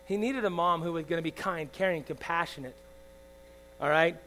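A man in his forties preaching a sermon, swinging from loud emphatic lines to soft confiding asides, often asking the congregation "all right?". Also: a little high, normal speed, poor audio. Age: 40s. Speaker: pastor. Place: church. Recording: faint mains hum.

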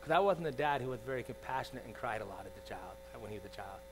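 A man in his forties preaching a sermon, swinging from loud emphatic lines to soft confiding asides, often asking the congregation "all right?". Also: mid-range voice, expressive, fast, rough recording. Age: 40s. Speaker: pastor. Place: church. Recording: faint mains hum.

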